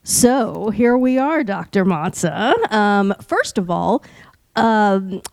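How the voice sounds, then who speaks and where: A woman's voice: medium pitch, expressive, slow, vocal fry, darkish tone, no echo, rough recording. Chatty woman podcast co-host, dry sound. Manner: chatty, laughs often, many fillers. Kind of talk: casual podcast chat.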